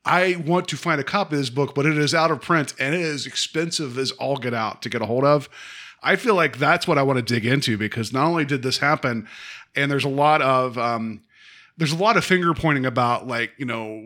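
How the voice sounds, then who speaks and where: A man hosting a casual podcast, rambling through his thoughts with plenty of fillers. His voice is bright and forceful at a middle pitch. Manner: chatty, rambling, many fillers. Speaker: podcast host. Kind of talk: casual film discussion.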